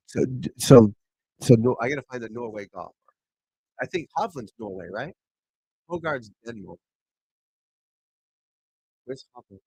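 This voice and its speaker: A man hosting a casual golf livestream, talking loudly, swearing and rambling as he chats with viewers. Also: mid-range voice, husky, no room sound, low-quality recording. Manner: loud, swearing, rambling and frustrated. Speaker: golf pro livestream host. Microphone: desk mic at computer.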